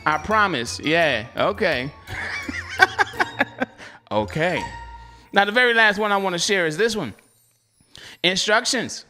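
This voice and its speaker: A man's voice: high-pitched, expressive, a little slow, pauses often, sharp tone, soft background music. A man hosting a delivery-driver channel, talking casually with viewers, laughing often in slangy banter.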